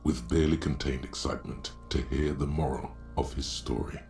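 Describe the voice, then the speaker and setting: An actor voicing a grave male narrator in a video game, with slow, ominous and vivid delivery. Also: a bass voice, level tone, creaky, darkish tone, faint music behind.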